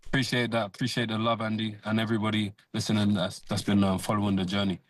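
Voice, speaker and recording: A man, a professional boxer, answering radio interview questions in a measured, hesitant way with many fillers. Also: lowish voice, little pitch movement, no room sound.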